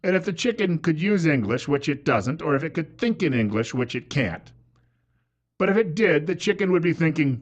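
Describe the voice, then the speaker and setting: A man's voice: fairly high pitch, fairly quick. Middle-aged man, radio talk host, sarcastic and mocking, chuckles through his monologue. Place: radio studio.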